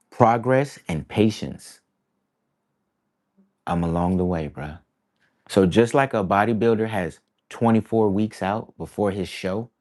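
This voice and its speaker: Low-voiced man musing casually to camera. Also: darkish tone. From East Coast of the United States. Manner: rambling, reflective, peppered with "bruh" and "y'all". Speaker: artist vlogger.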